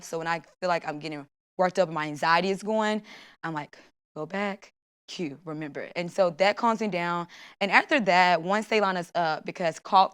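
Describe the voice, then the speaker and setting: Young woman athlete guest, lowish smooth voice, lively storyteller who acts out quotes. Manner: lively, acts out her own inner voice and quotes. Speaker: Olympic long jumper guest. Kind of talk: casual interview storytelling.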